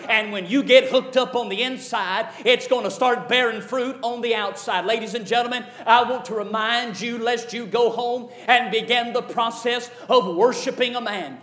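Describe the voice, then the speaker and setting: High-voiced preacher, impassioned. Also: male voice, fairly bright tone. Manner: impassioned, rhythmic preaching with repetition. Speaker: pastor. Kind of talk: sermon. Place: church sanctuary. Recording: echoey church sanctuary.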